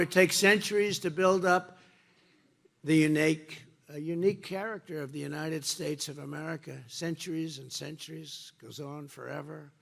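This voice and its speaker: Emphatic, gravelly man at a rally. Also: steady tone, moderate pace. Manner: emphatic and repetitive, jumping between loud bursts and low asides. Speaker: political speaker at a rally. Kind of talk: rally speech. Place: campaign rally before a crowd.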